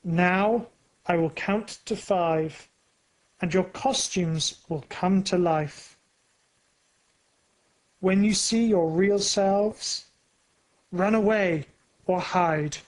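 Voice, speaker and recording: A reader doing a slow menacing witch. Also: medium pitch. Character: sinister female witch casting spells. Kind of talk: slow read-aloud storybook.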